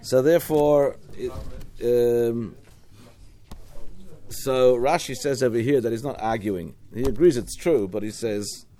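A man's voice: medium pitch, measured pace, warm tone. A man with an Australian accent teaching a Talmud study class, explaining step by step with frequent restarts and asides.

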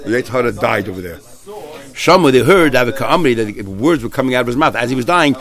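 Animated man teaching a Talmud class. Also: mid-range voice, fast. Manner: animated storyteller, many restarts and fillers. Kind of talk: Talmud class retelling stories.

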